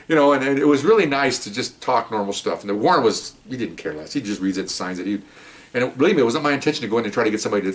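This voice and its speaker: Joking older retired cop telling stories. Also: male voice, medium pitch. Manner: jokey, animated, chuckling storyteller. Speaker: retired police officer storyteller. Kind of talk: casual anecdote telling.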